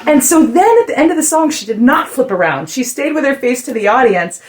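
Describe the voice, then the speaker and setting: A woman in her forties from the United States, a musician co-hosting a podcast, telling a story with lively acted-out quotes in a casual chat. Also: sits high, fairly quick, a little hiss or hum. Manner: animated storytelling, acts out quotes.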